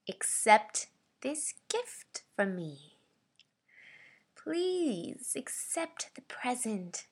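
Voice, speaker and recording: A woman voicing a sinister, menacing woman, slow, low and half-whispered. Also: sharp tone, slightly rough, exaggerated voice.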